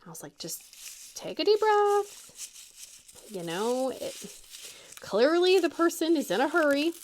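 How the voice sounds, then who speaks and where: A woman chats through a story in a lively, swooping voice that sits a little high, laughing often and jumping up in pitch when she quotes someone. She talks like a friendly craft-channel host. Faint crinkling of packaging sits behind her. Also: a little hiss or hum. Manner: animated, laughing, quoting others in a raised voice. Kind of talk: casual storytelling chat.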